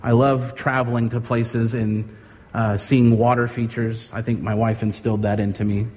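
A male pastor giving a sermon with earnest, drawn-out emphasis. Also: mid-range voice, flat delivery, darkish tone. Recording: reverberant hall with faint ambience.

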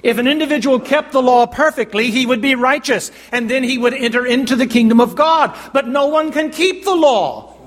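A man's voice: extremely high pitch, a bit bright. A man preaching a sermon, emphatic, quoting scripture and asking his listeners to call out answers. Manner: emphatic, asks the congregation questions and pauses for answers. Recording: long hall reverb.

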